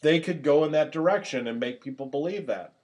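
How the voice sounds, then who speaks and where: Excitable man with hiccups, swearing freely. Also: on the high side, brisk. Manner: animated, swears freely, gets loud when worked up. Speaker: podcast co-host. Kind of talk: casual podcast chat.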